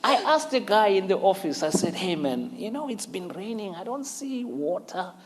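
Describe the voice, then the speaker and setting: A man hosting a conversational interview, telling lively stories and laughing often as he acts out quotes. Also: sits high, normal speed. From South Africa. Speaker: interview host.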